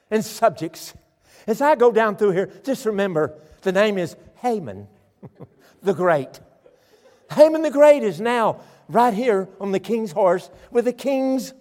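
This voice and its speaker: A preacher voicing a boastful, arrogant royal official who gloats and demands that people bow. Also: male voice, very high voice, pitched above the performer's own voice, full character voice. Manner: gloating, showy. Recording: long church hall reverb.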